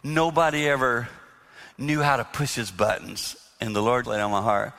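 A man giving a sermon-style marriage talk to a live audience, earnest, moving from emphatic to very soft. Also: mid-range voice, fairly even intonation, normal speed, vocal fry. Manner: earnest, shifts between loud emphasis and soft near-whispers. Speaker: marriage speaker. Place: live event room with audience. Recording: long reverb of a hall.

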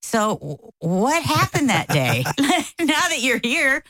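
A woman's voice: slow pace, no echo, poor audio. A middle-aged woman co-hosting a casual talk show, telling a story and acting out quotes with big jumps in her voice. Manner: animated, acts out quotes with big pitch jumps. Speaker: co-host.

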